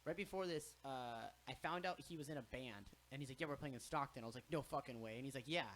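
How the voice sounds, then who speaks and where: A young man chats casually as a podcast host, spinning animated stories and swearing freely. He jumps into other people's voices as he tells them, with a mid-pitched voice. A faint hiss sits under the recording. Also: fast. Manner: animated storyteller, swears freely, acts out quotes. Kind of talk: casual chat.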